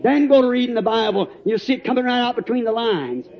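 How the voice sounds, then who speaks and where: High-voiced folksy preacher man. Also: lively intonation, quick pace. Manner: folksy storytelling, laughing, rising to shouts. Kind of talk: sermon. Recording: dull, roomy old church recording.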